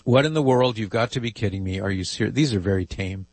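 A man hosts a call-in radio show, reading listener emails aloud and dropping amused asides. His voice sits low with a husky edge. The studio sound is dry and close. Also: quick pace, dry recording. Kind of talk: casual call-in radio talk.

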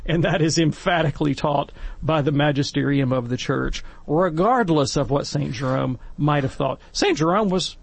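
Middle-aged male panelist, gravelly and husky, lively storyteller who acts out quotes. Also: on the high side, moderate pace, dry recording. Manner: animated, acts out quoted voices. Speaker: panelist in a Catholic discussion. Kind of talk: casual storytelling and commentary.

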